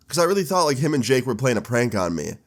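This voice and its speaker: A young man in his twenties telling a casual storytime, animated and swearing with laid-back slang. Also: mid-range voice, quick pace. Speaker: storytime vlogger.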